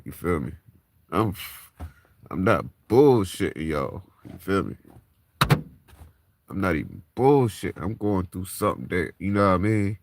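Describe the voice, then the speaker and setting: A man's voice: deep voice, animated, unhurried, pauses often, a little hiss or hum. A man in his thirties venting raw frustration and distress to the camera, emotionally worn and on the edge of tears, swearing as he talks. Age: 30s. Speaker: vlogger.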